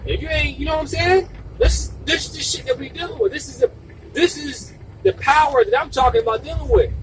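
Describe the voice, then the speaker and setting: A man delivering an impassioned, profane video monologue, repeating himself for emphasis and sometimes shouting. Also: extremely high pitch, fairly quick, far from the mic, slight background noise, low-quality recording. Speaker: video blogger.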